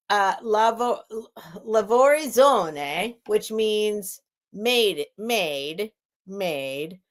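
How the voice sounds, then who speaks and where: Slow-talking woman hosting a live sale. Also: a little high. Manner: rambling and warm-hearted, with frequent soft laughs. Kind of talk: casual live-stream chat.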